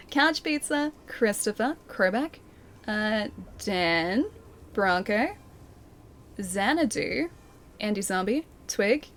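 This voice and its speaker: A young Australian woman streaming a game, chatting casually with her chat and thanking viewers between fights, with plenty of ums and uhs. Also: a little high. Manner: chatty, reads out and thanks chat, many fillers. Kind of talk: casual live-stream chat while gaming. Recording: game music playing behind.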